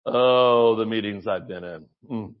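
A man preaching a sermon with exuberant energy, swinging from shouts to quiet asides. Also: on the low side, a little slow, phone-quality sound.

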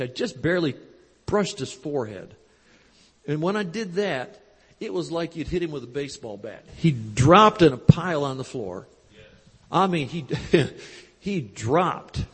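A man preaching at a live convention, telling a story with quoted dialogue in a folksy, animated way, on a handheld mic. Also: on the high side, normal speed, breathy edge. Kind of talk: storytelling sermon. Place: large church convention hall. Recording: live hall recording with long reverb.

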